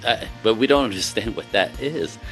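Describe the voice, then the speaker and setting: Earnest low-voiced man coaching couples. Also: lively intonation, normal speed, a bit bright, soft background music. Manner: earnest, emphatic, laughs between points. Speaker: relationship coach for men. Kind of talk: casual podcast talk.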